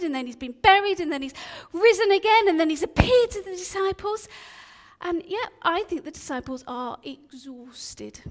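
A woman preacher with a high voice leads an all-age talk in a church hall, delivering a storytelling sermon. She's animated and chatty, putting questions to the audience, and the church's long reverb carries her words.

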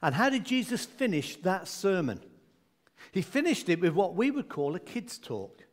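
A man's voice: high-pitched, big pitch swings, normal speed. A man preaching a sermon in a conversational, humorous way, with asides and jokes for his congregation.

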